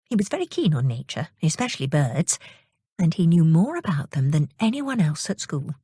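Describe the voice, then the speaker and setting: A woman reading children's stories aloud in a slow, expressive storytelling manner. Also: sits low, breathy edge, dry recording, studio quality. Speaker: audiobook reader.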